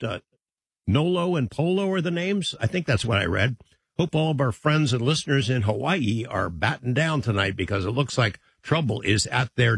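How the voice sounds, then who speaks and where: A man's voice: mid-range voice, breathy edge, no echo. A man hosting a late-night radio talk show, easygoing and folksy, with chatty asides, speaking into a close studio mic. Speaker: radio host.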